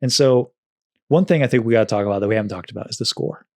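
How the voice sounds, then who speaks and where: A man's voice: on the low side, racing, a little mellow, no room sound, studio quality. A man co-hosting a podcast, chatting casually about a film, thoughtful and careful to qualify his points. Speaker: podcast co-host.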